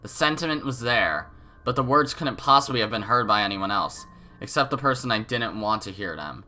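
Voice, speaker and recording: A man's voice: mid-range voice, expressive, brisk, bright, forceful tone, faint music behind. A man with a cold, hosting a let's play, reading game narration aloud with casual joking asides. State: has a cold.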